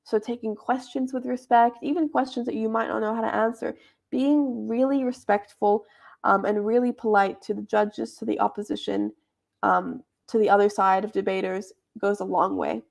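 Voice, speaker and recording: A woman's voice: medium pitch, fairly even intonation, moderate pace, gravelly, darkish tone. A young woman leading a debate club workshop, explaining in a chatty, informal teaching manner. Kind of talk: explaining debate judging criteria.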